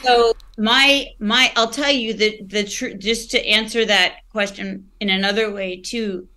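Bright-voiced woman telling her story. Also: medium pitch, fairly even intonation, unhurried. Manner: reflective, searching for words with many restarts. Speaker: podcast guest. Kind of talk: candid personal storytelling.

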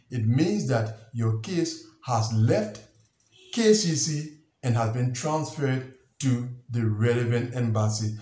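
A man hosting an explainer video, talking in a measured, methodical way and repeating key points. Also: medium pitch, darkish tone, reverberant. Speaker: channel host. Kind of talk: scripted explainer talk.

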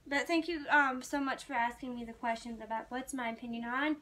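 A young woman vlogging in a casual, rambling way, chatting excitedly to her viewers as a fan. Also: high voice, a little fast. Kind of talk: casual chat to camera.

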